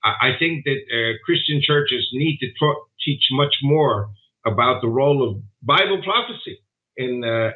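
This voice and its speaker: A man being interviewed remotely, talking emphatically and wandering from point to point as he makes his case. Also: mid-range voice. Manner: emphatic, digressive storytelling. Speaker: guest commentator. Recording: tinny phone-like line.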